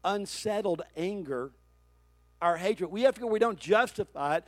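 A man's voice: high voice, no room sound. A man preaching a sermon as pastor, talking straight to his congregation and calling for their responses.

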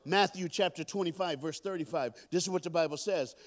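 High-voiced male preacher, call and response. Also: quick pace, few pauses. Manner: call-and-response preaching, swelling to loud climaxes. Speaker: pastor. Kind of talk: sermon. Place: church.

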